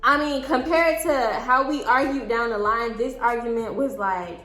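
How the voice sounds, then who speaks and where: Young woman spilling a storytime, animated and laughing, roomy echo. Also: fairly high pitch, normal speed, faint music behind. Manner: animated, laughing, dramatic re-enactments. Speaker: storytime vlogger. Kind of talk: casual storytelling.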